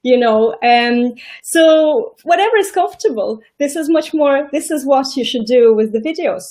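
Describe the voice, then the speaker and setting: A woman from Estonia hosting a casual live-stream chat over a video call, chatty and quick to laugh. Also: high-pitched, lively intonation. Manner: chatty, warm-hearted, laughs easily, restarts often. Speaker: host.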